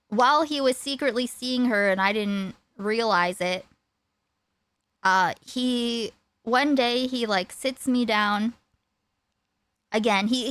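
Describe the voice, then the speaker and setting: A woman streamer telling a personal story in a rambling, animated way. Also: mid-range voice, smooth, no echo. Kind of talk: casual storytime chat.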